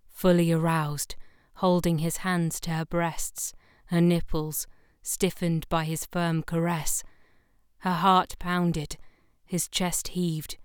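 A woman narrating adult fiction in a slow, measured, intimate reading. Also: on the low side, clear, resonant tone, dry recording, clean studio sound. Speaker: audiobook narrator.

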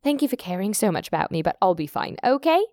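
A woman voicing a young female holidaymaker who is feverish and irritable, her lines pitched up high and clipped. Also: big pitch swings, quick pace, a little mellow, dry recording, studio quality. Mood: irritated.

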